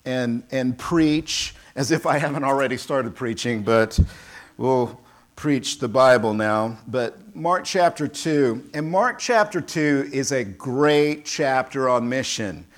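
A man preaching a sermon as pastor, lively and emphatic, acting out quoted voices and calling on the congregation. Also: mid-range voice, slow pace.

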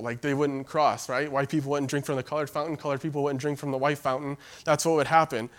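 A man preaching a sermon in a relaxed, conversational way, with fillers and asides to the congregation. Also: mid-range voice. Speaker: pastor.

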